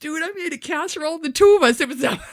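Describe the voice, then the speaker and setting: A woman, co-hosting a podcast and telling animated, profane stories full of acted-out quotes. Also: sits high, rapid-fire, dry recording, studio quality. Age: 50s. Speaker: podcast co-host. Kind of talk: casual chat.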